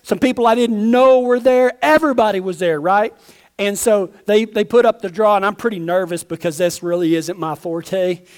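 A high-pitched man preaching in a loose, folksy storytelling way. He is a pastor who rambles through a personal tale and acts out the voices of the people in it. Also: fairly even intonation, normal speed, a little mellow, smooth. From Texas. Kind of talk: storytelling sermon with closing prayer.

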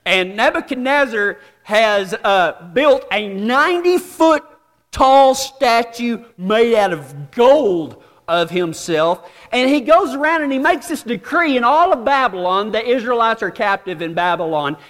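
A man preaching a storytelling sermon, folksy and self-deprecating, with dramatic pauses. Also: very high voice, big pitch swings, a bit bright. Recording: long hall reverb.

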